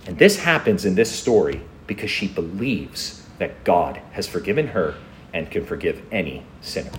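Low-voiced man preaching earnestly. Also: sing-song, moderate pace, slight background noise. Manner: earnest, emphatic storytelling. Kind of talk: sermon.

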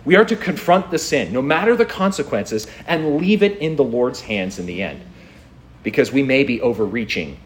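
A man pastor preaching a sermon, reading scripture aloud and pressing his point with incredulous rhetorical questions. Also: medium pitch.

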